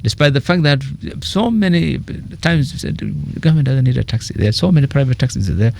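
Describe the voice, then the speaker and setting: A man with a Kenyan accent, a political economist speaking as a radio interview guest, animated and telling stories with quoted asides. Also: mid-range voice, quick pace, vocal fry, a little hiss or hum.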